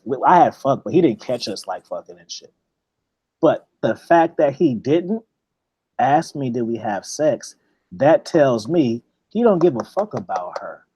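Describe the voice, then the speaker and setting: A man's voice: medium pitch, dark tone, husky, no room sound. A man in casual chat, telling a long rambling story with lots of profanity and repeated words.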